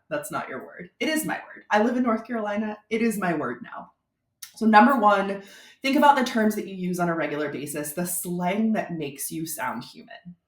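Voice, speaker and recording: A brand strategist from Florida, USA, gives a casual video tutorial for speakers in a chatty, conversational and informal way. Her voice is lowish and a bit bright, and the recording has a roomy echo.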